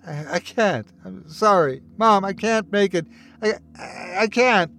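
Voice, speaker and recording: A man's voice: sits high, lively intonation, measured pace, pushed and bright, voice pushed up, full character voice. A man voicing a distraught, grieving young man who pleads in a strained voice. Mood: desperate.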